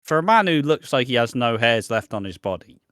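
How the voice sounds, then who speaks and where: A man's voice: medium pitch, very animated, a little fast, fairly bright tone, no echo, clean studio sound. A man co-hosting a podcast, blunt and casually swearing, explaining with lots of fillers. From Britain. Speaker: podcast co-host. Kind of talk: casual chat.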